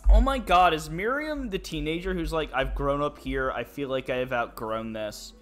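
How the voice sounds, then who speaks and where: A man's voice: fairly high pitch, normal speed, over loud music. A man giving casual, playful commentary while streaming a game. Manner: playful, chatty. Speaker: let's play streamer.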